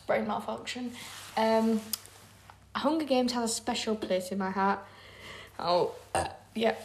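Chatty young woman podcast co-host. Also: fairly high pitch. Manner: chatty, gushing fan talk with quick asides. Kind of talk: casual chat.

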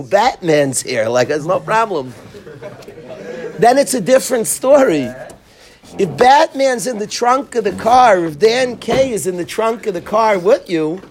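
A man's voice: high-pitched, a little mellow. A man, a rabbi, giving a casual Torah class to students in a room, telling stories animatedly, acting out quotes and laughing often.

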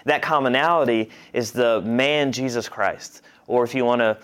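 A man's voice: mid-range voice, normal speed, a bit bright. A man teaching a church class, talking conversationally, restarting phrases and checking that the group follows.

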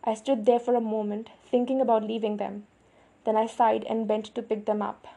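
Woman narrator, first-person novel reading, mellow, husky, flat delivery. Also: on the high side, moderate pace. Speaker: audiobook narrator.

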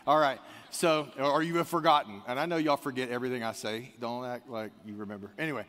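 A man's voice: medium pitch, steady tone, fast talker, a bit bright. Man preaching in a reverberant hall. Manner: storytelling, conversational, calling out to the congregation. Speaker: pastor. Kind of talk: sermon.

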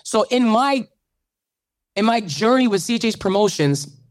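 A man's voice: sits high, lively intonation, normal speed, no echo. A man hosting a radio show, telling his story in an interview with a preacherly lilt that builds to fervent calls. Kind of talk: animated testimony in an interview.

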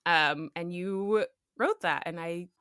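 A woman's voice: on the low side, slow pace, fairly bright tone, smooth, dry recording, clean studio sound. A woman co-hosting a casual podcast, chatty and laughing often, with many fillers. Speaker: podcast co-host.

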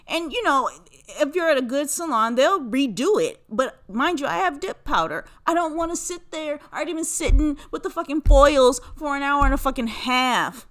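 A young woman hosting a podcast, telling a long story in a casual monologue that is profane, animated and rambling. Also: high voice, moderate pace. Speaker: podcast host.

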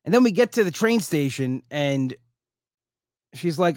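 A man's voice: on the high side, sing-song, normal speed, a little mellow, no room sound, clean studio sound. A worn-out man hosting a casual solo podcast, telling a rambling story with restarts and perking up when he quotes people. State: exhausted, low on energy. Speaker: podcast host.

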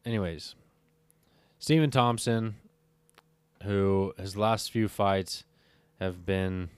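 A man's voice: low-pitched, smooth, no room sound. A tired man casually recapping fight records on his own, rambling and correcting himself as he goes. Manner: rambling, self-correcting, often stops to recheck fight records. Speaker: MMA fight recap host. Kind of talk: casual solo commentary.

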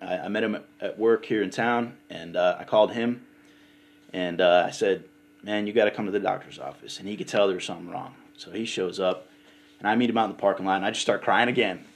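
A man's voice: deep voice, fast talker, vocal fry. A man in casual conversation, telling a personal story in an earnest, rambling way, often saying "you know" and "man". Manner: candid and emotional in tone. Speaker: podcast guest sharing his recovery story. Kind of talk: casual chat.

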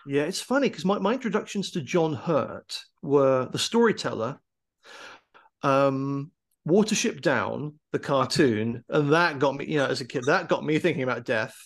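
A man's voice: a little high, expressive, moderate pace. Rambling, hesitant man on a podcast. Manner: rambling, hesitant, full of restarts. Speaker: podcast co-host. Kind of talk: casual chat.

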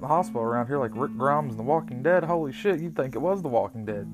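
A man's voice: mid-range voice, lively intonation, fast talker, hardly any pauses. A young man from West Virginia with an Appalachian accent, rambling through a casual, crude, profanity-filled monologue. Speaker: vlogger. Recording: guitar music playing behind.

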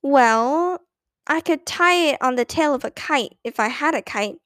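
A woman voicing a little boy who answers flatly and calmly, never giving in. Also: sits high, measured pace, no room sound, studio quality. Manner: flat and calm. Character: calm, stubborn little boy.

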